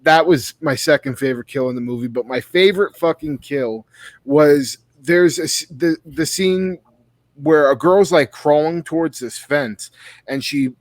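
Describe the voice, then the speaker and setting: A man raving about slasher movie kills in loose, swearing podcast banter. His voice sits a little high and the sound is dry and close, with no room around it. He rambles and restarts as he talks. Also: measured pace, no room sound. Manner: profane, enthusiastic, rambling with restarts. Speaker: podcast co-host. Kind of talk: casual horror movie review chat.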